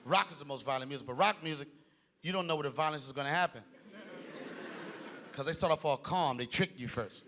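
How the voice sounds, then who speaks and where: A man performing a stand-up comedy set on stage, animated, shouting his punchlines and slipping into voices. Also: fairly high pitch, brisk, long pauses, a little hiss or hum. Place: comedy stage before a live audience. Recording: live club with loud crowd laughter.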